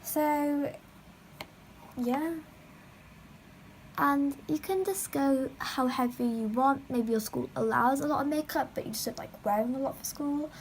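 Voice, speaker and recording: A teenage girl talks through her makeup routine at home in a loose, rambling way. Her voice sits a little high, and she keeps dropping in "like" as she goes. A faint hiss runs under the recording. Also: a little slow, pauses often, low-quality recording. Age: teens. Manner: chatty, rambling, lots of "like". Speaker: beauty vlogger. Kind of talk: makeup tutorial chat.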